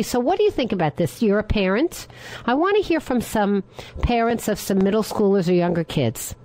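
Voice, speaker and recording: A woman's voice: mid-range voice, animated, moderate pace, mellow, rough recording. A middle-aged woman hosting a talk radio show, giving her opinions in a monologue and firing rhetorical questions at her listeners.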